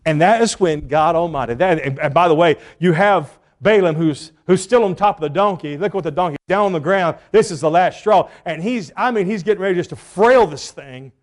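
Man, pastor, preaching a sermon, animated storyteller, high voice. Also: a little fast, hardly any pauses. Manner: animated storytelling, acts out quotes.

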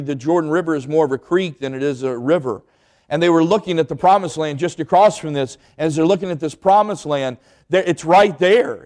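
Preacher guy, middle-aged, emphatic, keeps asking the crowd questions. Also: on the high side. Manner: emphatic, animated storyteller, rhetorical questions. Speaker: pastor. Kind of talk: sermon with storytelling.

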